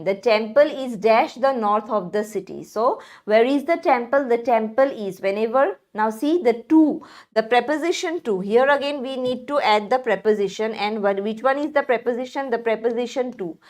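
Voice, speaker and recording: A woman with a slightly high voice, working through exam questions as a teacher. She explains step by step, pausing and restarting with fillers as she goes. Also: lively intonation, darkish tone. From India. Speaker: English teacher. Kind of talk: live exam question analysis.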